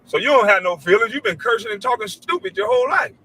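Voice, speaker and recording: A middle-aged man hosting a show, delivering a loud, profane, preachy commentary rant and mimicking others in a high voice. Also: sing-song, fast, poor audio. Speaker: show host.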